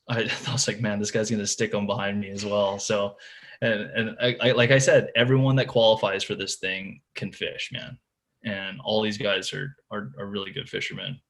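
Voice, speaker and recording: A man's voice: on the low side, a bit bright. A man guesting on a podcast, telling a tournament fishing story in a casual way, full of "like" and "dude" and often restarting his sentences. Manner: restarts and repeats words while telling the story.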